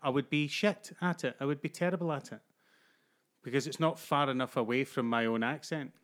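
Bright-voiced Glaswegian man, animated. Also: mid-range voice, fairly quick. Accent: Scottish, Glaswegian. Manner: swearing, animated, restarting phrases. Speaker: actor guest. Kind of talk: casual podcast chat.

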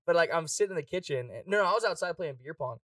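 Fast-talking young man, laughing storyteller. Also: a little high, lively intonation, fairly bright tone, dry recording, recorded from a distance. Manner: fast, profane storytelling with frequent laughter and voiced quotes. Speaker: party host telling a story. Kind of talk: casual chat.

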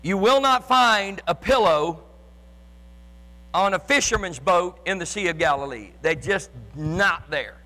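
A male pastor preaching a sermon to his congregation in a church. He talks with fervor, often shouts, and stumbles into repeated restarts. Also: high-pitched, expressive, unhurried, long reverb tail. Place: church sanctuary with live and online congregation.

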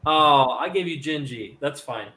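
A man's voice: a little high, animated, moderate pace, pushed and bright, roomy sound, a little hiss or hum. A young man co-hosting a casual podcast, talking eagerly and rambling with lots of fillers. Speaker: podcast co-host. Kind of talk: casual chat.

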